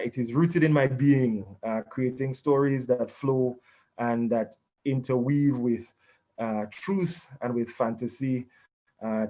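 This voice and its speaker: Measured man poet, mellow dark voice, on a video call. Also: medium pitch. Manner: measured, with many fillers. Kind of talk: reflective talk.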